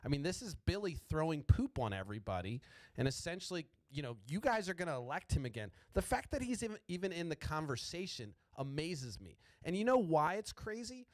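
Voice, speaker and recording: A man's voice: fairly high pitch, sing-song, fairly quick, dry recording. A man hosting a podcast, ranting about politics in a profane, rambling way and stuttering often. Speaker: podcast host.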